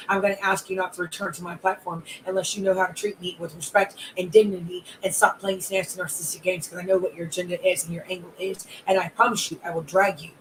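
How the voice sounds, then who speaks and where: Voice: mid-range voice, a bit bright, slight background noise, poor audio. A life and wellness coach hosting a live audio room, speaking with controlled anger and stringing long repetitive lists of grievances. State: calmly enraged.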